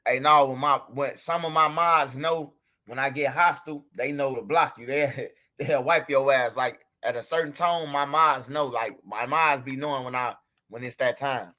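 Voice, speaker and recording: A man's voice: mid-range voice, normal speed, bright, forceful tone. A man hosting a livestream, telling a story and talking straight to his chat in a loose, profane way. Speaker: livestream host. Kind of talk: casual livestream commentary.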